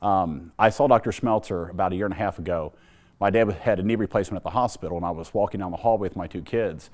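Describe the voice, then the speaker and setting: A man's voice: low-pitched, fast talker, a little mellow. A man telling his personal faith testimony in an earnest storytelling way, exhorting listeners. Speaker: testimony speaker.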